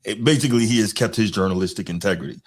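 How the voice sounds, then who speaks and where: A man's voice: fairly low pitch, racing. A man hosting a podcast in casual chat, talking hesitantly with many fillers and restarts. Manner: hesitant, lots of "you know" and restarts. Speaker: podcast host.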